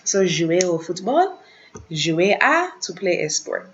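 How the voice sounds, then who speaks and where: Woman teacher, lowish voice, unhurried and careful, repeats words for practice; dull desk-mic recording. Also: sing-song, a little hiss or hum. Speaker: French teacher. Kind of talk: recorded online lesson.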